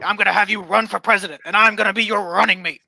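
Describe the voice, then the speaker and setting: A man's voice: high-pitched, fairly even intonation, very fast, vocal fry, bright, forceful tone, dry recording, heavily acted, poor audio. A man playing a scheming, disgraced former president in a comedy sketch, rambling and stammering.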